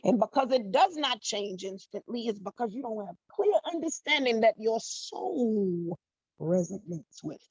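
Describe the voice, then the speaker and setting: A woman's voice: a little high, very animated, a little slow, a little mellow, slightly rough, dry recording. A middle-aged woman life coach giving a motivational monologue, emphatic and blunt, repeating her phrases and swearing freely. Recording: dull dry lo-fi recording.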